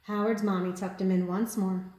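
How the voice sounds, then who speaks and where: A woman teacher reading a children's picture book aloud, with animated storytelling. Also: medium pitch, moderate pace, echoey room. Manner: animated storytelling, lifting her voice for the children's cries. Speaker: kindergarten teacher.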